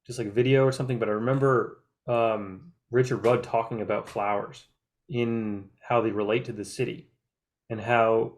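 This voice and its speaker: A man's voice: mid-range voice, fairly even intonation, moderate pace. A man in casual group chat, talking in an earnest, meandering way with many filler words. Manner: earnest, reflective. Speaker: group discussion member.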